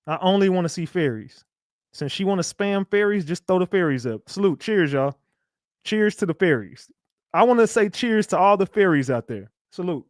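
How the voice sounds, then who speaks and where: A man's voice: sits high, animated, normal speed, no echo. Casual livestream host, male, loose slangy banter, dry close mic.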